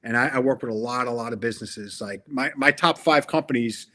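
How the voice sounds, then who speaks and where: A man's voice: medium pitch, a little fast, pushed and bright. A middle-aged man talking in a casual interview as a guest, earnest and emphatic, often restarting his sentences. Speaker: interview guest, tech sales veteran.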